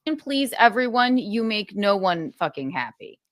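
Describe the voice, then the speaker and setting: A woman's voice: mid-range voice, sing-song, normal speed, fairly bright tone, no room sound, clean studio sound. Exasperated, swearing woman ranting. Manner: profane, rambling, exasperated. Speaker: streamer recounting a feud. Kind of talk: heated casual rant.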